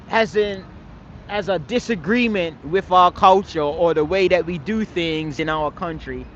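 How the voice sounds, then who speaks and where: A man's voice: high-pitched, dull audio, slight background noise. A man speaking in an outdoor park debate, emphatic and casually profane, who keeps pressing listeners with "you understand, man?". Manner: swears casually. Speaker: street speaker at a public speaking corner.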